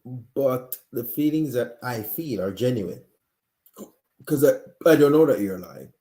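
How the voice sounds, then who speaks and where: A man's voice: medium pitch, animated, unhurried, mellow. Sick man hosting a live talk stream. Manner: earnest, talks straight to viewers, frequent restarts. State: sick, coughing. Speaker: host of a live call-in talk show. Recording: echoey room.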